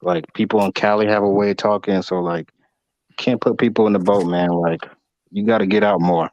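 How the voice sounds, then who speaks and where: A man from North Carolina chatting in a relaxed, jokey way on a live boxing stream. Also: fairly low pitch, fairly quick, lo-fi sound. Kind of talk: casual live-stream chat.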